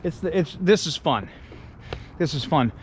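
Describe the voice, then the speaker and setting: A slow-talking, fairly high-voiced man, winded and laughing as he climbs a steep brick street. He chats to his handheld camera outdoors. Faint traffic noise hums behind him. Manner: chatty, laughs often, easily excited. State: out of breath. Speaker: travel vlogger. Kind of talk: casual vlog walkthrough.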